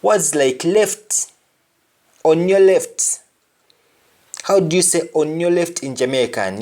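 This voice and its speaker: A man giving a pronunciation lesson, saying each example word slowly and deliberately, often twice. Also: a little high, a little mellow. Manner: slow, deliberate, repeats each word in pairs. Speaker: language teacher.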